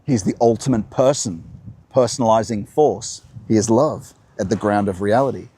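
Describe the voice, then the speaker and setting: A man's voice: fairly low pitch, normal speed, dark tone, slight background noise. A man hosting a live-streamed talk while walking outdoors, musing and answering his own questions. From Australia. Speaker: host. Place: outdoors by the coast.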